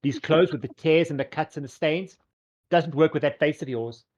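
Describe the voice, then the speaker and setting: A man's voice: on the high side, darkish tone, pitched above the performer's own voice, lightly acted. A man voicing a flamboyant, androgynous fashion shop owner who gushes and fusses over customers in a tabletop game. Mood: gushing. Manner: theatrical, drawn-out, fussing over everyone.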